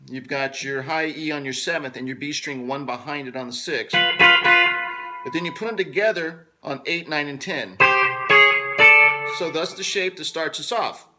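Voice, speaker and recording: A man teaching a guitar lesson, explaining step by step in a relaxed way, with guitar playing between his phrases. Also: on the high side, measured pace, poor audio.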